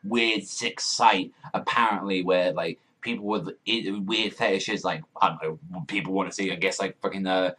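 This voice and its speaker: A young man giving casual reaction commentary on a manga chapter, excitable and profane, rambling with lots of fillers. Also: deep voice, normal speed, few pauses, slightly rough.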